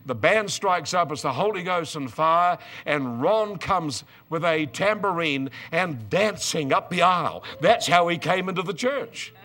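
An older man preaching a storytelling sermon, moving from quiet asides to loud, excited outbursts. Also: on the high side, unhurried, hardly any pauses.

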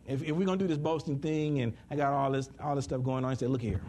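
A man preaching a sermon in an animated way, jumping from loud high bursts to hushed asides, with speech.

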